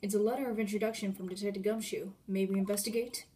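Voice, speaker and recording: A woman's voice: medium pitch, steady tone, quick pace, dark tone, lightly acted. A woman voicing an earnest young male defense lawyer who mutters flustered asides.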